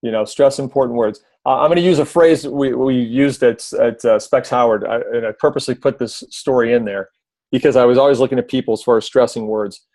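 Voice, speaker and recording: A man's voice: mid-range voice, fairly quick, no echo. A man giving casual video tips on a team call, conversational, with many fillers and restarts. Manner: briefly mimics a loud announcer voice. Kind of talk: casual instructional talk.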